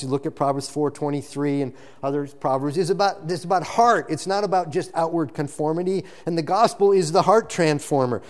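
A man preaching a sermon as pastor, earnest and emphatic, often restarting phrases and breaking into quick asides. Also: on the high side, darkish tone.

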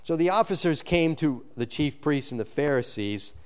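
A man's voice: normal speed, smooth. Earnest man teaching a sermon. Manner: earnest teaching, swinging between low emphatic and raised animated delivery; frequent restarts and repeated words. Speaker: pastor. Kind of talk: expository sermon.

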